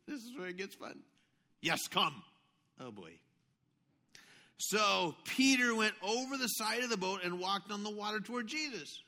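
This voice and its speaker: A middle-aged man delivers a weekly sermon with a very bright, forward tone. His pitch sits a little high for a man. He tells stories with lively swings, dropping to near-whispers and rising to loud outbursts. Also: moderate pace, long pauses. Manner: animated storytelling, swinging between hushed asides and loud outbursts. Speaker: pastor.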